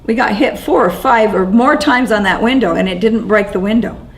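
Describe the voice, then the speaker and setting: A woman with a gravelly, creaky voice recounts events she witnessed in an interview. Her speech is halting and shaken, full of restarts and repeated words, at a mid pitch. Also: low-quality recording. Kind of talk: first-person eyewitness account.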